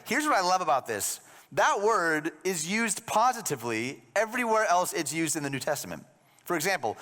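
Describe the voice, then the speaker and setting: A man's voice: a little high, sharp tone, in a large hall. A man preaching a sermon as a pastor, conversational with joking asides.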